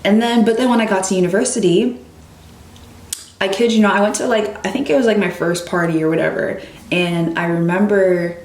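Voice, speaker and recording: A young woman vlogger talking casually to her camera, telling stories and acting out what other people said. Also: fairly low pitch. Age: young adult. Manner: animated, quotes others in lively voices. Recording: echoey room.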